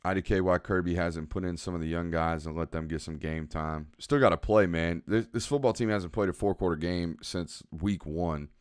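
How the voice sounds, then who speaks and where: A young man, giving relaxed, analytical commentary on a football game as he watches and answers chat on a live stream. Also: low-pitched, normal speed, few pauses, smooth, no room sound, studio quality.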